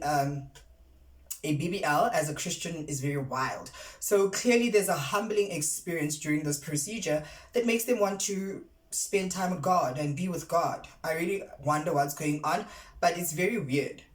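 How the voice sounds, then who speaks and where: A vlogger giving chatty, sassy commentary full of rhetorical questions, speaking straight to viewers. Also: mid-range voice. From South Africa. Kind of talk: casual commentary vlog. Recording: roomy echo.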